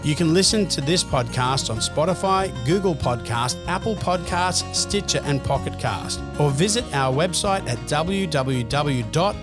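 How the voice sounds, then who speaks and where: A man hosting a podcast, reading a scripted narration in an earnest, measured way. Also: fairly high pitch, expressive, over music. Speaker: podcast host.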